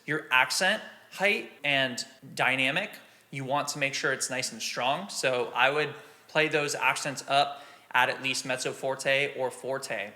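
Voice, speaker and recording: A man's voice: mid-range voice, bright, forceful tone. A man explaining drum exercises patiently and counting beats aloud as a teacher. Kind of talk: instructional drum lesson.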